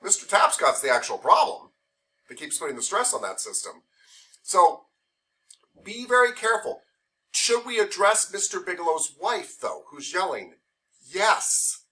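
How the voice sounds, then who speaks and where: A man's voice: sits high, huge pitch swings, normal speed, sharp tone, distant mic. A man teaching a massage therapy class, lecturing conversationally and explaining ideas through playful made-up examples.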